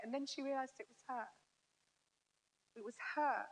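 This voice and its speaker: Woman, sermon storytelling, lively quoting, slightly high pitch, long hall reverb. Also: normal speed. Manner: lively storyteller acting out quotes. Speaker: Christian speaker.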